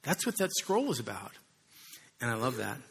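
A man preaching a sermon in an animated way, acting out voices and rising suddenly in volume. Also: mid-range voice, moderate pace, slightly rough. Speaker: pastor.

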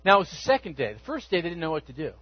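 A man's voice: a little high, very animated, racing, breathy edge, no echo, muffled recording. A man preaching a sermon as pastor, telling the story conversationally and acting out the quotes.

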